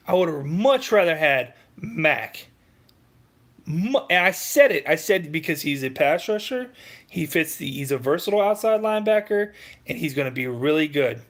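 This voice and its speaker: Guy with a high voice ranting about football, cussing, combative. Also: a bit bright. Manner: heated, combative, profane, addressing commenters. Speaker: sports rant host. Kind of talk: profane sports rant.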